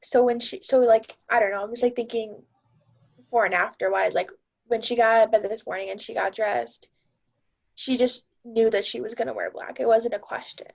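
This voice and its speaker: A woman acting student thinking aloud in a class discussion, halting with fillers, over muffled audio. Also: on the high side, fairly even intonation, creaky.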